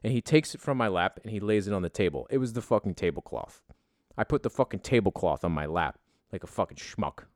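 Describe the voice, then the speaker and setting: A man's voice: on the low side, animated, brisk, dry recording, studio quality. A man telling a rambling travel story in a profane, self-deprecating, casual way.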